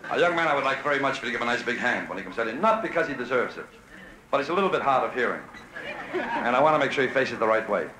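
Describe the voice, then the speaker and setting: A man's voice: mid-range voice, sing-song, bright, forceful tone. A man doing a stand-up comedy set on a club stage, rattling off jokes and acting out the voices in his stories. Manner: brisk joke-telling, acts out voices in stories.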